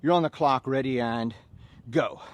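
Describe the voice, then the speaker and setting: In a dry recording, a middle-aged Southern fitness instructor with a mid-range voice runs a workout class at normal speed. He shouts drill-style orders in between easygoing stories.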